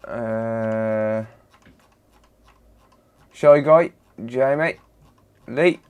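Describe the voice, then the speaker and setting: Unhurried guy chatting on a stream. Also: medium pitch, a little mellow, clear, resonant tone. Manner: greets chat members one by one, laid-back banter. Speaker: live-stream host, electronics repairer. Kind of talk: casual live-stream chat.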